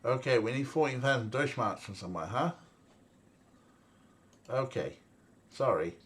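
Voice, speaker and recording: A man's voice: mid-range voice, animated, a little slow, fairly bright tone. Jokey man commentating a game. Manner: jokey, rambling, laughs often. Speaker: let's play streamer. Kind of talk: casual gameplay commentary.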